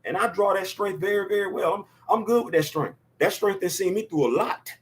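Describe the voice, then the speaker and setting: A man in his fifties hosts a casual opinion podcast, speaking emphatically and repeating words to hammer his points. His voice is high-pitched and fairly quick.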